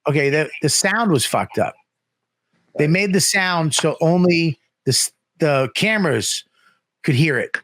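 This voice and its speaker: A man's voice: fairly high pitch, unhurried, no room sound, clean studio sound. A man telling a casual, profane story, acting out the people he quotes. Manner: profane, animated, acts out quotes. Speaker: guest comedian.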